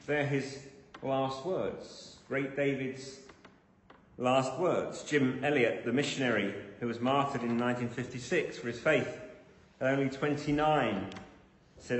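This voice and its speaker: A man's voice: mid-range voice, measured pace, slight background noise. A man preaching a sermon to a congregation, building to emphatic, repeated phrases. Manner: builds to emphatic, rising repetition. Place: church. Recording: echoey reverberant church hall.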